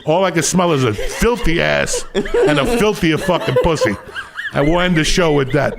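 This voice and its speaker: A man in his sixties hosts a podcast with a rough, gravelly voice that sits a little high. He tells crude stories in loud, profane rants and laughs through them. The recording carries clear background noise. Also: very animated, moderate pace. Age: 60s. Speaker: podcast host. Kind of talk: crude comedic storytelling.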